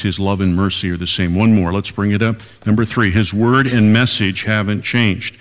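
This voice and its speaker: A man's voice: lowish voice, fairly even intonation, moderate pace, hardly any pauses, long reverb tail. An older man preaching a sermon as pastor, emphatic and repeating key lines for weight.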